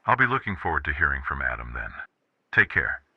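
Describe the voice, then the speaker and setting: A male narrator voicing a calm, firm boss speaking over the phone in an audiobook, measured and polite. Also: breathy edge, dry recording, muffled recording, heavily acted. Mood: warm. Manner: measured, polite, deep-voiced. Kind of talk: audiobook character voice.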